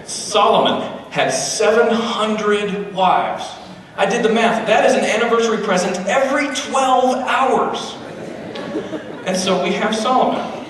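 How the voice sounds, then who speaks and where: A man performing a stand-up comedy set at a church, with wry, deadpan asides, heard in an echoey hall from a distant mic. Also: high voice, unhurried, slight background noise.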